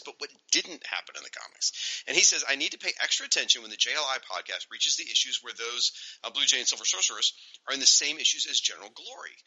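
A man's voice: mid-range voice, pushed and bright, breathy edge. A man co-hosting a casual podcast, reading listener mail and laughing often. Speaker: podcast co-host. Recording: dull lo-fi sound.

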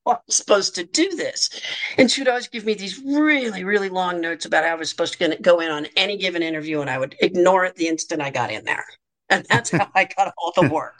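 A middle-aged woman with a slightly low-pitched voice tells a candid story from her past as a child actor. She speaks frankly and with dry wit, often breaking into brief laughs. She restarts phrases as she gathers her thoughts, in the loose rhythm of a conversational interview. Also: quick pace, a bit bright.

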